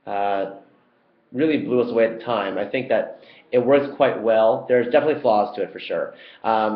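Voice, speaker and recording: A young man answering community questions in a relaxed, chatty way, with frequent ums and uhs. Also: fairly low pitch. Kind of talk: casual Q&A video. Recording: roomy, dull lo-fi sound.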